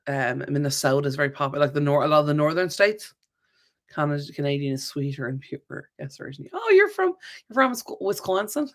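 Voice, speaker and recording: Her voice is low and fairly bright as she hosts a live Q&A stream for her channel. Chatty and meandering, she reads comments from viewers aloud, laughs frequently, and keeps using fillers and correcting herself partway through sentences.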